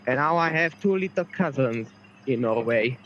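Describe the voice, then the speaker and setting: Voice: mid-range voice, animated, moderate pace, fairly bright tone, dull audio, a little hiss or hum. A playful friend on voice chat, joking about doing accents while gaming.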